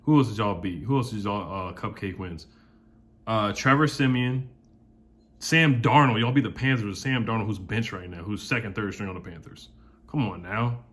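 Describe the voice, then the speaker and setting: A man's voice: on the low side, normal speed, fairly bright tone. A young man hosting a casual sports vlog, fired up and mocking rival fans, often repeating himself. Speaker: sports channel host.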